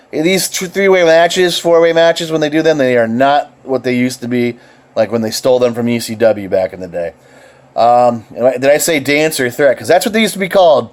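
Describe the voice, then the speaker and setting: A man vlogging casually, excitable and rambling, swearing freely and restarting his sentences. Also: on the high side. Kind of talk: casual rambling opinion vlog.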